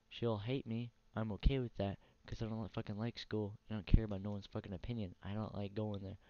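A man's voice: fairly low pitch, mellow, no room sound. A tired man ranting profanely and bluntly while commenting on his own console gameplay. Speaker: gaming channel host. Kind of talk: casual let's play commentary. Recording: dry, dull lo-fi mic.

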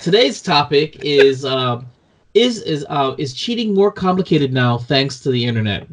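A man co-hosting a casual podcast chat, dry and deadpan, teasing his co-host. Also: fairly high pitch, moderate pace, slight background noise.

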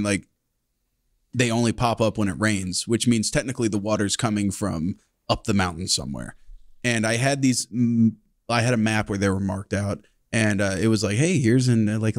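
A man's voice: lowish voice, dry recording, studio quality. A man guest on a podcast, telling a long, casual story full of "like"s, restarts and swearing. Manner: rambling, filler-heavy, profane.

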